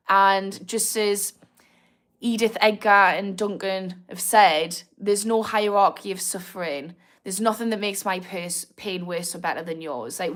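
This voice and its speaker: A woman from Newcastle, England, hosts a casual livestream in a mid-range, slightly bright voice, her Geordie accent carrying a slightly posh edge. She chats frankly, swears freely, and reads viewers' comments aloud to answer them.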